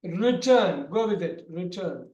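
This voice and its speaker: A man teaches a grammar lesson online, loud and repetitive, with lots of fillers. His voice sits high for a man. The sound carries a noticeable room echo. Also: animated, slow pace, highs cut off. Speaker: English teacher. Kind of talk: online class lecture. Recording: echoey room.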